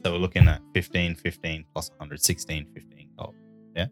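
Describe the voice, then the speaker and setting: A man's voice: low voice, little pitch movement, brisk, faint music behind. A man playing a tabletop game, casually bargaining. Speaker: player.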